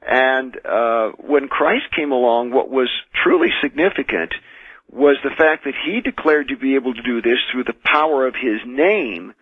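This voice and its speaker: An American minister and exorcist, a man, telling his experiences as a radio guest in an earnest, measured way, often restarting his sentences. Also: mid-range voice, lively intonation, dry recording. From United States. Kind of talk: radio call-in interview, recounting experiences. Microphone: telephone. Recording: tinny phone line.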